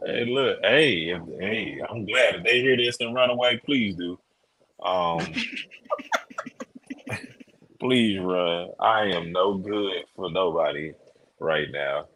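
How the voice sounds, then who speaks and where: A man's voice: low voice, slow, long pauses, slight background noise, poor audio. A man joking through casual podcast banter over a remote call. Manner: joking, lively delivery. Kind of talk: casual chat. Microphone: remote call mic.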